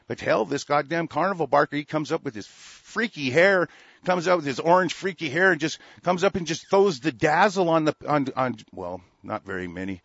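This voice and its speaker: A man's voice: on the high side, lively intonation, fairly quick, a bit bright, slightly rough, dry recording. Man ranting profanely, lo-fi audio. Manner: profane, heated and repetitive. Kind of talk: angry political rant.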